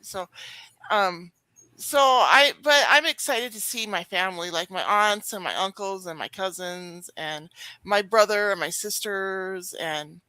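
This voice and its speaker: A woman's voice: medium pitch, measured pace, bright, forceful tone, smooth, no room sound. A woman co-hosting a podcast in casual chat, outspoken and restarting her sentences often. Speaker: podcast co-host.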